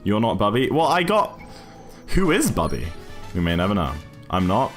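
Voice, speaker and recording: Faint music sits behind a man from Newcastle, England, as he rambles chattily on a gaming stream with frequent restarts and fillers. His accent blends northern and southern English, and his fairly low voice swings hugely in pitch at normal speed.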